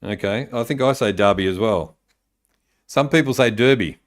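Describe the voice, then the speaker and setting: An Australian man with a medium-pitched voice hosts a casual live-streamed talk show at a moderate pace. As a podcast host, he reads viewer tips and comments aloud, peppering them with plenty of ums and uhs.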